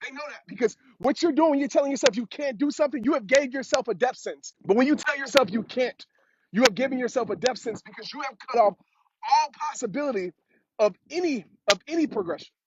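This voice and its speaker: A man's voice: very high voice, expressive, quick pace. A man giving a motivational talk, preaching and repeating phrases for emphasis, out on a road. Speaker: motivational speaker. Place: outdoors on a road. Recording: dull lo-fi sound with clear hiss.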